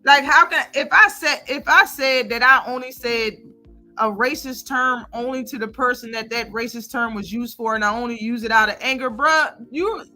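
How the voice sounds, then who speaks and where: A woman's voice: a little high, moderate pace, sharp tone, soft background music. A woman hosting a live stream, giving heated, blunt and profane commentary.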